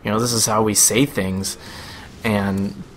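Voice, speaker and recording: A man's voice: lowish voice, steady tone, a little slow, slight background noise. A young man with a Buffalo, New York accent giving casual, rambling video game commentary in a chatty, self-amused way. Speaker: gameplay commentator.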